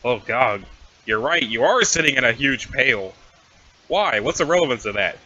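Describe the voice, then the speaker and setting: A man's voice: mid-range voice, animated, normal speed, pushed and bright, lo-fi sound. A man voicing a smug, playful teenage alien troll girl in a webcomic reading, with a teasing, sing-song manner. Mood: gleeful. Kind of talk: reading a webcomic aloud with voices.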